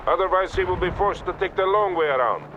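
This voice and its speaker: A man's voice: sits high, fast talker, highs cut off, background noise, natural voice. A man playing a stern Soviet field commander. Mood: commanding. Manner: calm, formal radio orders. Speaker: commanding officer on radio. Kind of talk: video game voice acting. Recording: loud music under the voice.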